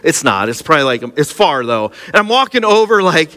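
Pastor, 40s, male; bright, slightly high voice; animated storytelling sermon in a big echoey hall. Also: a little fast. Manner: personal storytelling, animated, laughing at himself. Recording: long hall reverb.

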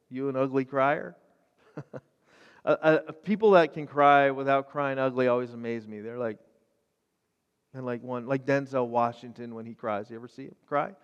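A high-voiced man delivers an earnest, conversational sermon that is full of casual fillers. He drops to a hush at some points and swells with fervour at others. A long reverb trails behind his words. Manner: earnest, shifts between hushed and fervent. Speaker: preacher. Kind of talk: online sermon.

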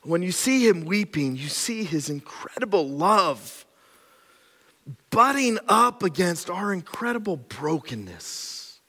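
Male pastor, sermon, fairly high bright voice, loud-then-hushed delivery, repeated phrases, long hall reverb. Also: very animated, slow pace, husky. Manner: swings between loud urgent preaching and soft hushed delivery; repeats phrases for emphasis, casual fillers.

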